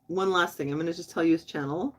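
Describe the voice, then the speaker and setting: A woman's voice: on the low side, fast talker. A woman hosting a casual late-night livestream, chatting loosely with viewers and laughing easily. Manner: chatty, talks straight to viewers in the chat; laughs often, loose and friendly. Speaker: livestream host.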